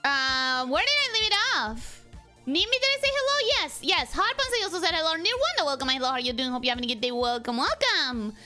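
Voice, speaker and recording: Bubbly high-voiced woman streamer. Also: big pitch swings, pushed and bright, faint music behind. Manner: bubbly, greets viewers in a repeated welcome routine; rambling, self-deprecating, quick to laugh. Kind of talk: casual livestream chat.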